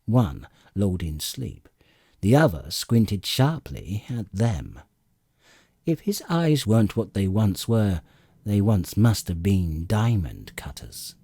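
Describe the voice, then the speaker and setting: A man narrating an audiobook with expressive storytelling and dry comic timing. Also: on the low side, slow, breathy edge, no echo. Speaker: audiobook reader.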